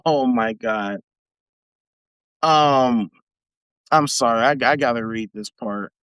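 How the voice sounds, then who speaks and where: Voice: medium pitch, slow, fairly bright tone, clean tone, dry recording. A livestream host giving profane, mocking commentary while reading an article aloud. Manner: profane, mocking, laughs between rants. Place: home setup for a live video.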